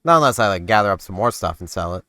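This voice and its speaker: Relaxed rambling man playing a game. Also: on the low side, quick pace, no room sound. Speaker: gaming channel host. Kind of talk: casual gameplay commentary.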